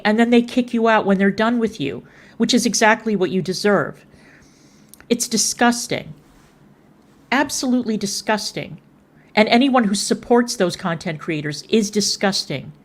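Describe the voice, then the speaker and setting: A woman streamer scolding someone in heated livestream commentary, contemptuous and swearing freely. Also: medium pitch.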